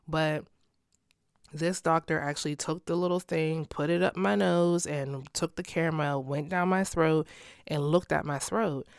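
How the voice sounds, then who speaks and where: A woman's voice: low-pitched, fairly even intonation, unhurried, vocal fry, clean tone, no echo, clean studio sound. A young woman hosting a solo podcast, talking candidly in a casual way and laughing often. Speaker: podcast host.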